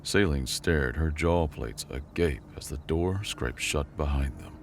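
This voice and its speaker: A man narrating a scripted sci-fi story in a measured, even way. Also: extremely low pitch, slight background noise.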